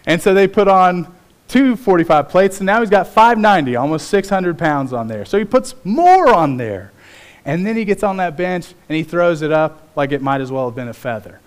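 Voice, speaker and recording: A man preaching a sermon as pastor, telling stories in an animated way with big swings in pitch. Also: moderate pace, clear, resonant tone.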